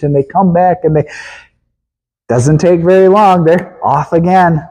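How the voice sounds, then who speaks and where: A man preaching a sermon in an emphatic way, swinging from loud to hushed and chuckling at times. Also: a little high, unhurried, long pauses, slightly rough.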